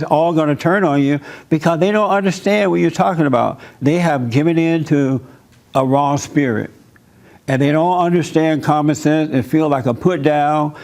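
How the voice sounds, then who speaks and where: A man's voice: a little high, darkish tone. A man pastor giving a conversational church sermon, speaking emphatically and laughing between points.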